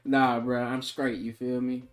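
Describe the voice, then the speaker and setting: A man's voice: medium pitch, level tone, a little slow, faint music behind. A man streaming casually while he draws, joking with his chat in slangy banter and laughing often.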